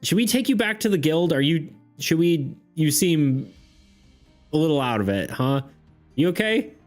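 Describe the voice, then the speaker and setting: A man plays a caring young adventurer with a lifted, gentle voice, talking soft and steady to calm a shaken friend. He repeats his reassurances over and over, patient and a little worried. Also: a little high, normal speed, soft background music, pitched above the performer's own voice. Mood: concerned. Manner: soothing, reassuring, repeats himself.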